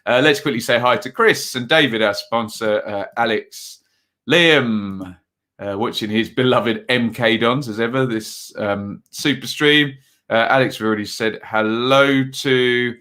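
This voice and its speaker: A man hosts a live football stream in a relaxed, chatty style, his mid-pitched voice bright and forward. He rambles loosely with lots of fillers, reading viewer comments between quick match updates.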